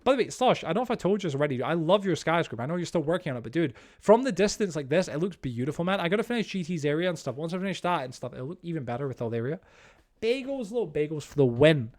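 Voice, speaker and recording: A man's voice: on the high side, expressive, racing, few pauses. A young man streaming a building game, chatting casually with his viewers and stumbling over his words with lots of fillers. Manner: chatty, reads chat aloud, many fillers and restarts. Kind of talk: live-stream chat while playing.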